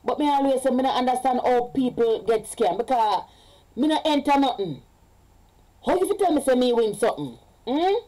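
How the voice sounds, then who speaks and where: A woman's voice: high-pitched, lively intonation, normal speed, dark tone, low-quality recording. A Jamaican woman, a parent, talking casually in a vlog. She rambles, repeats herself and slips between English and patois. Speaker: vlogger.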